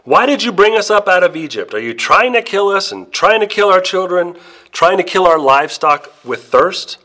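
A man's voice: a little high, sing-song, normal speed, fairly bright tone, voice pushed up. A man putting on a whining Israelite crowd. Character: grumbling frightened crowd of wandering Israelites.

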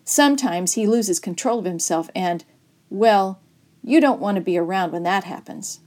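A woman doing a nervous freckled young boy trying to bluff his way out of trouble, voiced in a children's storybook reading. Raised and insistent, he pushes his words out loud and urgent. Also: medium pitch, moderate pace, close to an everyday voice.

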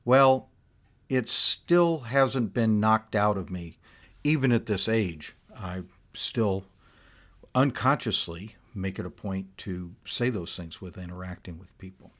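An older man with a lowish voice recounts his childhood in a casual, storytelling podcast style. He talks conversationally, often restarting phrases and adding asides as he goes. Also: slow pace, fairly bright tone. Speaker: podcast host.

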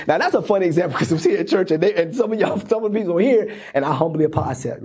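Husky-voiced man preaching with animation. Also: high-pitched, very fast, hardly any pauses. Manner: animated preaching that acts out inner dialogue, with laughs and sudden whispers. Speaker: pastor. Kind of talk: sermon. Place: church sanctuary.

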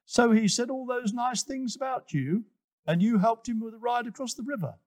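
A man's voice: very high voice, moderate pace, dry recording, clean studio sound, pitched above the performer's own voice. A man voicing a playful, sly male animal who teases his friend in a children's story. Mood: wheedling. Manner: bright, teasing, wheedling.

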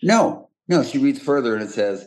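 A man's voice: medium pitch, animated, normal speed, a little mellow. An older man hosting a podcast, telling stories in a chatty way and laughing often. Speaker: podcast host. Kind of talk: casual chat.

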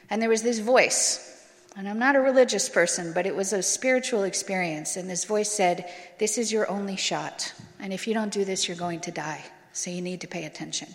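A woman tells her own story to an audience in a plain, candid way, with some casual swearing along the way. Her voice sits at a middle pitch. The sound carries the long reverb of a large hall. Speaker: speaker sharing a recovery story. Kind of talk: personal talk to an audience.

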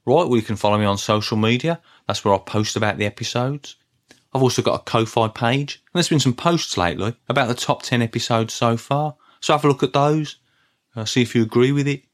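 Brummy guy doing his podcast, flat steady delivery, wry and deadpan. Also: mid-range voice, brisk. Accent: Birmingham. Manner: dry, level delivery with little show of excitement; wry, self-deprecating. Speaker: podcast host. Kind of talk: casual solo podcast talk.

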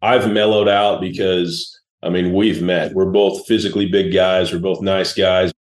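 Blunt deep-voiced man, echoey room. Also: level tone, a little slow. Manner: blunt, laid-back storytelling. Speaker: guest entrepreneur. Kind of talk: casual interview chat.

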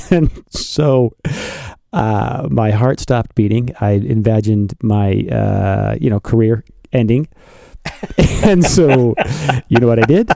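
A man co-hosting a podcast, telling a story in a casual chat, animated and laughing as he acts out the people in it. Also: medium pitch, slow, vocal fry, dry recording, studio quality. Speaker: podcast co-host.

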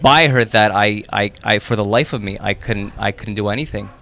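A man's voice: on the low side, fairly quick, creaky. A man chatting casually as a podcast host, telling a story with frequent laughter and restarts. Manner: animated storyteller, laughs often, many restarts. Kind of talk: casual chat.

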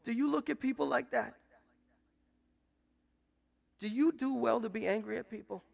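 A man pastor preaching a sermon, swinging between loud emphatic rises and soft hushed lines. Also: very high-pitched, expressive, normal speed, creaky. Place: church sanctuary.

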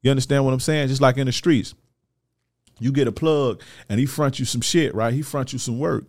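In a mid-range voice, a little fast and free of echo, a man from Florida in his thirties rants through a casual monologue on his show. He advises men on life bluntly, using profane street slang.

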